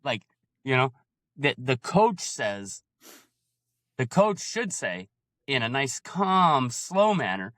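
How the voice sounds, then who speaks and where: Very animated, this man discusses coaching informally, his mid-pitched voice a touch bright as he keeps breaking into rapid impressions to illustrate points. The sound is close-miked and dry, with no room around it.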